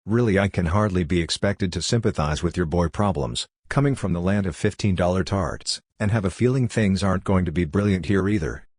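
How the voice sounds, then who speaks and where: Deep-voiced man reading letters aloud. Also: lively intonation, fairly quick, few pauses, darkish tone, slightly rough, no echo, studio quality. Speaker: reader.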